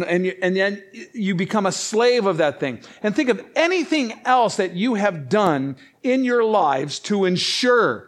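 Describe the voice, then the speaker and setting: Male preacher, high voice, chatty sermon delivery with scripture readings and rhetorical questions. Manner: conversational preaching, reads scripture aloud, asks rhetorical questions. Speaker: pastor.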